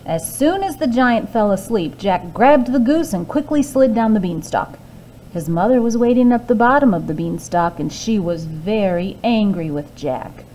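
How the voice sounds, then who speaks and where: A woman librarian reading a fairy tale aloud to children, expressive with hushed asides. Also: medium pitch, normal speed, a little hiss or hum, low-quality recording.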